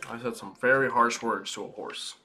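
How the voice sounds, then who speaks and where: A man's voice: medium pitch, steady tone, normal speed, pushed and bright, soft background music. A young man giving casual let's-play commentary as a gaming YouTuber, swearing and ranting in exasperation at the game.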